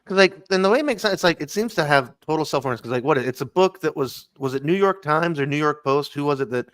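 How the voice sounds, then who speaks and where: A man's voice: fairly high pitch, animated, fast, a bit bright, dry recording, clean studio sound. A man co-hosting a casual podcast chat, joking wryly and saying "like" often. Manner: wry, joking, many "like"s. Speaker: podcast co-host.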